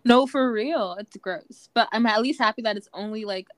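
A young woman co-hosting a podcast in casual chat, talking fast with lots of "like" fillers. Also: a little high. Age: young adult. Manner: chatty, many "like" fillers. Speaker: podcast co-host.

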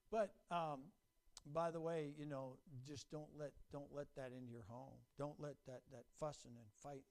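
Animated folksy man preaching a sermon. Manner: folksy, animated, acts out quotes in high voices. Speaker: pastor.

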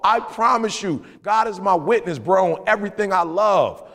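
A man's voice: high-pitched, moderate pace, hardly any pauses, big-room sound. A man co-hosting a podcast, telling motivational stories in slangy casual talk and acting out other people's voices. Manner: animated storytelling, acts out voices, slangy. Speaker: podcast co-host.

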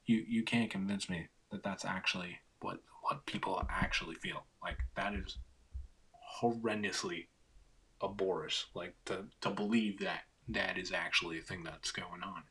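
Casting: male solo podcaster, low husky voice, rambling and self-deprecating, swears a lot. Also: moderate pace, fairly bright tone, rough recording. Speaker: podcast host. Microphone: cheap desk mic.

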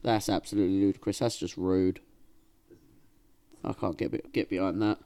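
A man's voice: low voice, steady tone, normal speed, dark tone. A young man, a podcast host, chatting casually and swearing freely while watching a film with a friend. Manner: sweary, banter-heavy slang.

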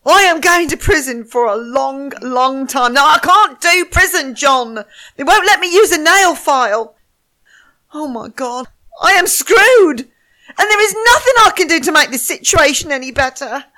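A woman's voice: high voice, expressive, measured pace, bright, forceful tone, exaggerated voice. A woman voicing a scheming young mistress who is flustered, rambling and self-pitying, in an amateur audio drama. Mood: panicked.

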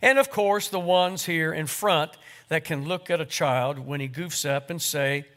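A man's voice: on the high side, measured pace, a bit bright. A man voicing the Lord, a patient male creator proud of his work, as part of a read-aloud story in a sermon. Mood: proud, fond.

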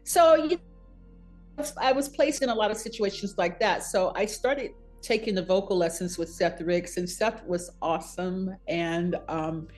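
A woman guest in a casual interview, telling her story in an animated way, laughing often and going high when she quotes people. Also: normal speed, soft background music.

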